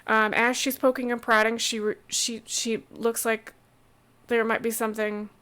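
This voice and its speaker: A woman running a tabletop role-playing game as game master, describing scenes in a relaxed, halting way with many restarts. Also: on the high side.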